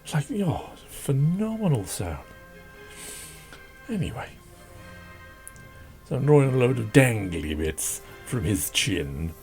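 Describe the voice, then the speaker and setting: A man hosting a drawing channel, chatting casually and rambling as he draws, self-deprecating and laughing often, with a croaky voice. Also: medium pitch, big pitch swings, takes it slowly, pauses often, darkish tone. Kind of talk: casual chat while drawing. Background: faint classical music.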